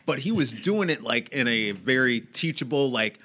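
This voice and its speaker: A man's voice: mid-range voice, lively intonation, normal speed, sharp tone, husky. A man in a casual podcast conversation, telling stories animatedly and acting out the voices of the people he quotes. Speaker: guest.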